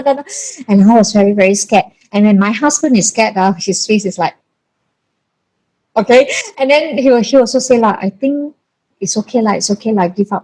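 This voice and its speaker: A woman's voice: mid-range voice, a little mellow, rough recording. Malaysian woman telling her story. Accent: Malaysian English. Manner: colloquial, emphatic, acts out quoted voices. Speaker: breastfeeding consultant. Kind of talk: personal storytelling.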